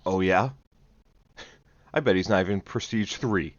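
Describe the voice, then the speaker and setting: A man's voice: sits low, measured pace, dry recording, dull audio. A man hosting a casual game reading who jokes and swears between lines. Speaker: let's play host reading lines.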